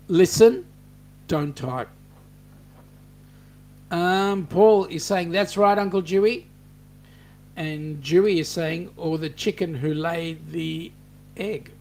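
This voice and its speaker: A middle-aged man with an Australian accent hosts a casual live chat, rambling warmly through stories and reading out viewer comments with many ums and restarts. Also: fairly high pitch, a little hiss or hum. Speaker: host of a cruising livestream.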